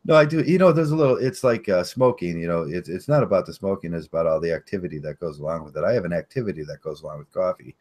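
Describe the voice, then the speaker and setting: A man's voice: deep voice, lively intonation, very fast, hardly any pauses, a little mellow. A man chatting casually in a group talk, rambling and swearing with frequent laughs. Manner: profane, rambling, laughs often.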